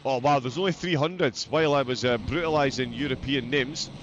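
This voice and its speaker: A man's voice: mid-range voice, fairly quick, highs cut off, noisy background. A man with a Scottish accent giving live commentary on a sim race, chatty and joking as he reads out viewer messages. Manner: chatty, jokey, reads out chat.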